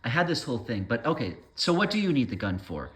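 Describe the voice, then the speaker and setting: A man's voice: medium pitch, very animated, quick pace, a bit bright. A man rambling through an opinion monologue, trailing off mid-thought and waving his own points away with "never mind.".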